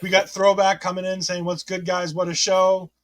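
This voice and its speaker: A man's voice: sits high, monotone, normal speed, a bit bright. A man hosting a casual wrestling recap podcast, chatty and often correcting himself mid-sentence. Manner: chatty, self-correcting, reads listener comments aloud. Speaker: podcast host.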